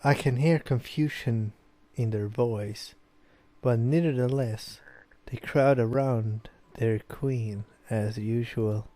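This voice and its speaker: A man's voice: mid-range voice, slow, warm tone. A young man, a bit tipsy, rambling casually as he plays and reads a visual novel aloud. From Sweden. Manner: rambling and casual, with many fillers. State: tipsy from beer. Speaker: gaming video host. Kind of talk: let's play commentary, reading a visual novel aloud.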